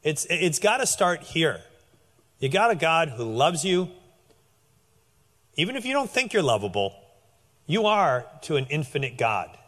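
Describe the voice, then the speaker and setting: A man preaches in a loose, conversational way, stumbling over restarts as his voice leaps up and down. His tone is bright and a little high for a man. A long reverb trails his words, as in a hall. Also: measured pace, pauses often. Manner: animated, conversational, with frequent restarts. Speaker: pastor. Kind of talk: sermon.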